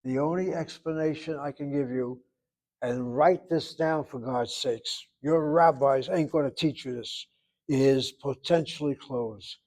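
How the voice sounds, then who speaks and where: A man with an American accent and a mid-range, darkish voice teaches Hebrew grammar at an unhurried pace. As an instructor, he lectures in a blunt, emphatic classroom style, and the audio quality is poor.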